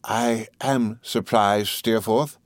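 A man voicing a pompous, angry older male headmaster who talks slowly and blusters. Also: lowish voice, fairly even intonation, dry recording, studio quality. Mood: blustering.

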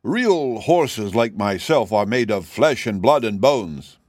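A man's voice: on the low side, very animated, takes it slowly, darkish tone, no room sound, studio quality, heavily acted. A man voicing a proud, vain old male cab horse who talks down with lofty pity. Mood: boastful. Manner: boastful, pitying, lofty.

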